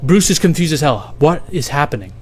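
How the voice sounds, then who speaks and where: A man's voice: fairly high pitch, very animated, a little fast, breathy edge, soft background music. A young man casually retelling a speculative movie plot, loose and profane, slipping into paraphrased dialogue for each character.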